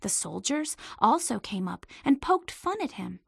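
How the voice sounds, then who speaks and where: A woman reading a storybook aloud in an expressive, lively way. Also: a little high, measured pace, vocal fry, slightly rough, no room sound, clean studio sound.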